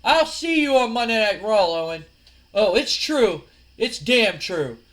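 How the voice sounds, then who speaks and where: A man's voice: sits high, very animated, normal speed, fairly bright tone, pitched above the performer's own voice. A man voicing a defensive male wrestler who stalls and makes excuses. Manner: whiny, stalling, placating.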